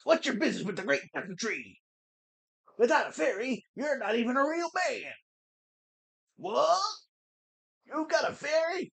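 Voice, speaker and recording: Gamer putting on a cocky forest boy, hammy Southern twang, high and blustering, swooping pitch. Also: very animated, normal speed, gravelly, pauses often, a bit bright, husky, heavily acted. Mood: mocking. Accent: exaggerated American Southern. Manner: indignant, blustering. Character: bossy boastful forest boy.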